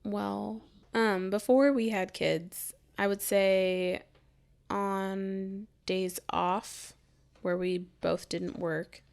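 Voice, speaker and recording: A woman co-hosting a podcast, chatting casually and laughing, sometimes slowing down to think. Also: medium pitch, steady tone, gravelly, darkish tone, smooth. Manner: chatty, laughs often, drawls when thinking. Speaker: podcast co-host. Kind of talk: casual chat.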